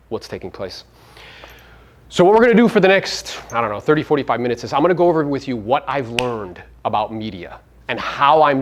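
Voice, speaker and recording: Speaking in a mid-range voice, a brash, profane man fires rhetorical questions at an audience of real estate agents during a live motivational seminar talk.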